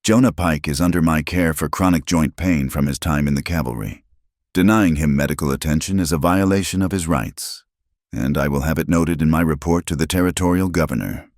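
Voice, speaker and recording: A man with a very low voice voicing an educated, unafraid woman doctor who speaks in a crisp, cutting way, in a dry recording. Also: a little fast, a little mellow, no echo.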